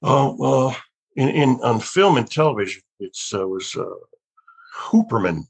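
In a laid-back interview, an older male actor muses his way through rambling anecdotes, often restarting and letting thoughts trail off. He speaks unhurriedly in a medium-pitched, expressive, slightly rough voice, captured on poor audio.

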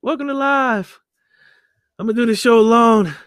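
A man's voice: very high-pitched, normal speed, a bit bright, no room sound, clean studio sound. A man hosting a casual podcast, joking loosely and swearing freely over a remote call. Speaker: podcast host. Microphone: remote call setup.

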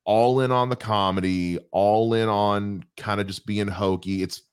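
A man's voice: lowish voice, fairly even intonation, unhurried, clear, resonant tone, dry recording, studio quality. A young adult man co-hosting a podcast, chatting casually with a wry, rambling manner and many restarts. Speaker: podcast co-host. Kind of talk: casual chat.

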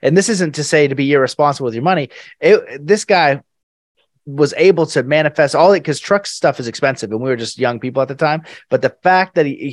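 Male speaker, casual chat, quick animated recollection, dry close sound. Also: medium pitch, no room sound.

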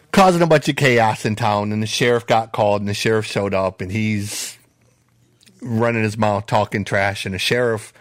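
A man's voice: fairly low pitch, no room sound. A man from Michigan hosting a podcast, telling a story in a rambling, casual way full of "uh" and "you know". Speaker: podcast host.

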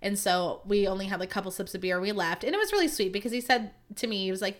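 A woman's voice: mid-range voice, expressive, fast talker, few pauses. A woman in her thirties, a podcast host, telling a story in a casual, chatty way with lots of asides to her listeners. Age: 30s.

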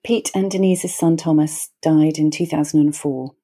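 Deep, mellow woman host. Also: steady tone, normal speed, slightly rough. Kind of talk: podcast introduction.

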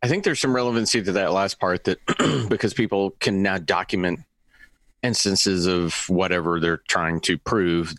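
Podcast co-host, man, lowish voice, reflective and thinking aloud, dry room. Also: a bit bright, dry recording. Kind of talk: casual podcast chat.

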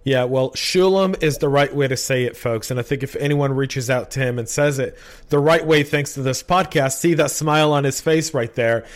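A man's voice: mid-range voice, moderate pace. A man hosting a casual podcast interview, chatty and rambling, often repeating words. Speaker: podcast host.

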